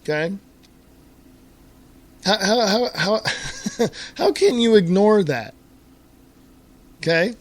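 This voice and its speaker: A middle-aged American man hosts his own internet radio talk show alone, in a fairly high voice. He rants in an exasperated way and keeps repeating and restarting his words as he gets worked up. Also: expressive, slow, long pauses. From United States. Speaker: host.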